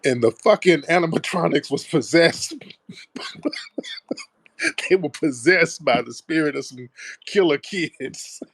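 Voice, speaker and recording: A man's voice: on the high side, measured pace, pauses often, fairly bright tone, slightly rough, no room sound. Man, call-in show host, cursing, mocking, laughing, dry sound. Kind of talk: call-in livestream talk.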